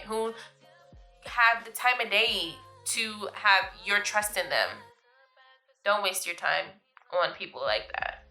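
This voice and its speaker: A woman's voice: medium pitch, bright, forceful tone. A woman hosting her vlog, giving casual, emphatic life advice, often laughing and calling listeners "boo". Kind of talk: casual motivational talk to camera.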